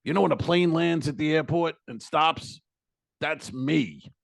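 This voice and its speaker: A man's voice: a little high, measured pace, creaky, dry recording, studio quality, voice pushed up. A man putting on the voice of a boastful, tipsy older man while telling a story on a comedy podcast. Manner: bragging, grandiose.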